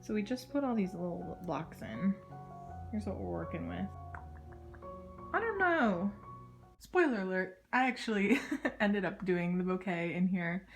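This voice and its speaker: Young pregnant woman vlogging at home, chatty, lots of "like", creaky voice, soft music behind. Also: medium pitch, expressive, unhurried, pauses often. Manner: chatty, lots of "like" fillers, drops into soft whispery asides. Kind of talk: casual vlog chat. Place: her home.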